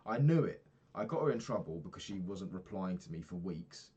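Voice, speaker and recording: Young British man, deep low voice, rambling vlogger who swears and loses track. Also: expressive, fairly quick, dark tone, husky. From United Kingdom. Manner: rambling, swears often, loses his thread. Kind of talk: casual diary vlog.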